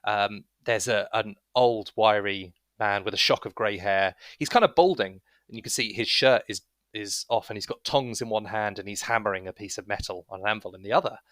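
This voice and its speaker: A man's voice: on the low side, brisk, few pauses, fairly bright tone, no room sound. A man narrating as game master, describing scenes in a loose, rambling way with many fillers.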